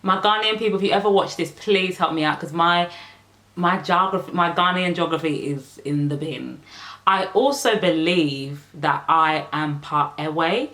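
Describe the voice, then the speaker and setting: A woman's voice: fairly low pitch, unhurried, a bit bright, reverberant. A young British-born woman chatting playfully to camera as a vlogger, laughing often. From United Kingdom. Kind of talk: casual chat to camera.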